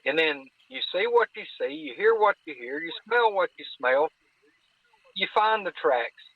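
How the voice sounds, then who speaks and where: Southern man, podcast guest, folksy and sincere, higher-pitched, thin phone-line sound. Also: sing-song, measured pace, husky, dry recording. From North Alabama. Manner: folksy, earnest, repeats words while searching. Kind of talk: casual chat.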